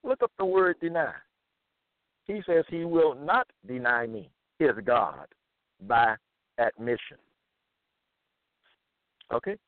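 Man, unhurried reading voice, repeats himself, phone-like sound, dry and close. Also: on the high side, very animated, dry recording. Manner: slow, deliberate and repetitive. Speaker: monologue speaker. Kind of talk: reading scripture with commentary. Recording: tinny phone-like line, dry.

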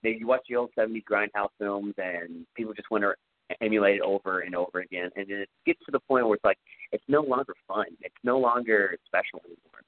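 A man's voice: fairly low pitch, fast. A man co-hosting a horror movie podcast, recapping scenes in a chatty, joking way and acting out bits of dialogue. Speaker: podcast co-host. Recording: tinny phone-like sound.

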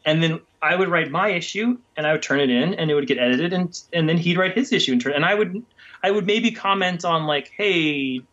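Halting, rambling man on a lo-fi line. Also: on the high side, fairly bright tone. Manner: rambling, halting with many restarts. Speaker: guest comics writer. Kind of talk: casual interview chat. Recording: dull lo-fi sound.

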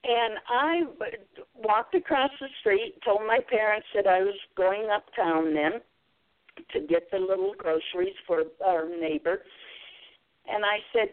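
A woman's voice: medium pitch, a little slow. Appalachian woman telling a story. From southeastern Kentucky. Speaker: guest, author and speaker. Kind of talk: storytelling interview. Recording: tinny phone-like sound.

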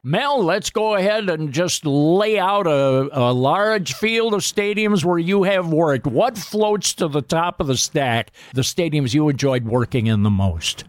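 Man, interview host, fairly high voice, dry sound. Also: animated, dry recording. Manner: formal introductions, measured questions. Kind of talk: radio interview.

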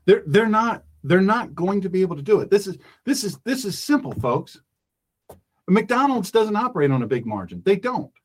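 A man's voice: high-pitched, sing-song, normal speed, husky. A man hosting a radio call-in show, ranting emphatically and repeating his points. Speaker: talk radio host. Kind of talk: opinionated radio monologue.

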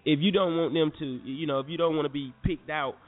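A young man from North Carolina, animated and slangy, telling a story to listeners as a podcast host. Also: on the high side, a little fast. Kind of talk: casual storytelling. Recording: phone-like lo-fi audio with faint music.

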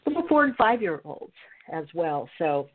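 A woman's voice: lowish voice, sing-song, moderate pace, a little hiss or hum. A woman hosting a spiritual podcast, talking in an effusive, gushing way with plenty of fillers. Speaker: podcast host. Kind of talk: casual podcast talk. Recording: tinny phone-like line.

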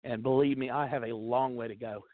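A man's voice: medium pitch, steady tone, brisk, no room sound. A man speaking as a guest on faith talk radio, earnest and pleading, sharing an emotional testimony. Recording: tinny phone line.

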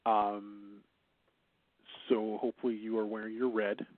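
The Chicago-born radio host's voice here is on the low side, flat, and measured, with no echo. Heard through phone-line internet radio, he speaks with a Chicago accent, banters casually, wanders off on tangents, and laughs a lot.

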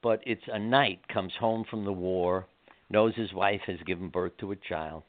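Older man, low voice, rambling storyteller, tinny phone line, dry sound. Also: unhurried, no room sound. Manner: rambling, animated storyteller with restarts. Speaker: guest author. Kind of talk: storytelling interview.

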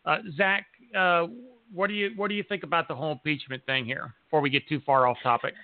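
A man's voice: a little high, fairly even intonation, quick pace. A man hosting a talk show in a casual way, agreeing with callers and moving on to the next person. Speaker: host. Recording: dry, tinny phone-like line.

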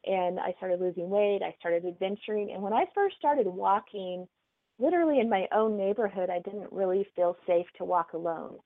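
A woman's voice: mid-range voice, lively intonation, moderate pace, no echo. Chatty Oklahoma woman on a tinny call line. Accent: Oklahoma Southern. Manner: chatty, laughs easily. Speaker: guest author. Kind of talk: casual interview chat.

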